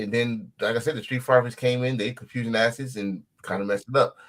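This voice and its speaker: A man co-hosting a casual wrestling podcast, animated and profane, breaking into shouts and laughs. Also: mid-range voice, fairly quick, poor audio. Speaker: podcast co-host.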